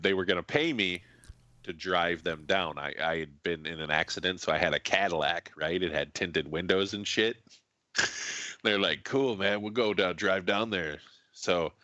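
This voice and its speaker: A man's voice: low-pitched, sharp tone, dry recording. A man co-hosting a podcast, chatting casually and bluntly with plenty of swearing as he tells an anecdote. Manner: blunt, profane, laid-back. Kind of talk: casual chat, telling an anecdote. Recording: dry, slightly muffled mic sound.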